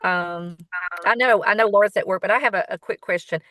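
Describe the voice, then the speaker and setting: A woman co-hosting a podcast, appreciative and curious, asking questions with quick stammered restarts. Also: mid-range voice, sharp tone. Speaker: podcast co-host. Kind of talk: casual interview chat.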